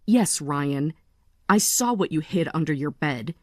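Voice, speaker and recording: A woman playing a calm, weary mother. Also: low-pitched, no room sound, clean studio sound. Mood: calm resolve. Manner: calm, measured, cold. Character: weary, resolute mother leaving her family.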